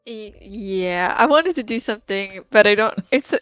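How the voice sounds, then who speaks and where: A woman's voice: medium pitch, expressive, moderate pace, a bit bright, clear, resonant tone, dry recording. Hesitant woman player, dry sound. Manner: hesitant, self-conscious, laughing. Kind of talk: casual tabletop play.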